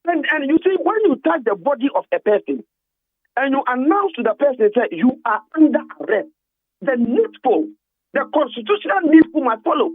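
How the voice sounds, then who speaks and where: A man phones in to a radio talk show, his high voice coming through a thin, tinny phone line. He talks emphatically and drives his points home by repeating words over and over. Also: very animated, a little fast, dry recording. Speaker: phone-in guest. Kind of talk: animated phone-in account.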